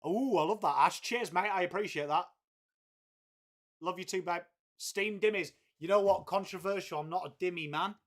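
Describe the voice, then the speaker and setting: A man's voice: sits high, normal speed. A man hosting a casual live stream, bantering with viewers and saying "mate" all the time. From England, Whitby. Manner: laddish banter, peppered with "mate", swears freely. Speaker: livestream host. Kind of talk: casual live watchalong chat, reading viewer messages.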